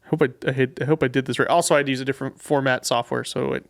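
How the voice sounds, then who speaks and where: A man's voice: mid-range voice, fairly even intonation, rapid-fire, creaky. A man, the show's producer, chatting as a guest in a hesitant, self-deprecating, rambling way. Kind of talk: casual podcast chat. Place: podcast studio.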